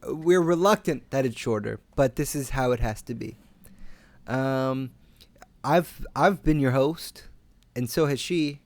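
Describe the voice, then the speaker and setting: A man's voice: medium pitch, measured pace, a little mellow. A man co-hosting a casual chat show over a remote call, laid-back, swearing freely and laughing often. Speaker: podcast co-host. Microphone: remote call, in another city from the co-host.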